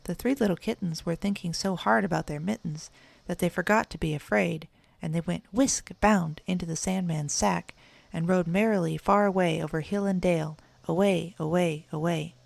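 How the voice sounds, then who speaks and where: A woman narrating a children's storybook in a steady, gentle read-aloud manner. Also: lowish voice, moderate pace, creaky, no room sound. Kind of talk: storybook reading.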